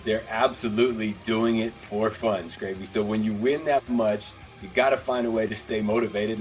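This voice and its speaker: A man's voice: fairly low pitch, steady tone, normal speed, few pauses, faint music behind. A man who played pro football, co-hosting a sports podcast, analytical and emphatic with frequent restarts. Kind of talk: casual sports podcast chat.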